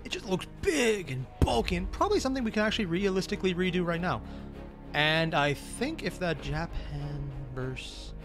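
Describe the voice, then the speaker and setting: A man hosting a reaction video, excitable and rambling, with self-deprecating asides, on a close mic. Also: high voice, normal speed, soft background music. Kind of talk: reaction commentary.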